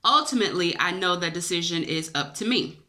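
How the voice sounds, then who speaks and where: Bright-voiced woman telling a dream story. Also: fairly low pitch, animated, fairly quick. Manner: emotional, chatty, addresses viewers as y'all. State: teary-eyed. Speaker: vlogger. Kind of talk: personal storytelling to camera.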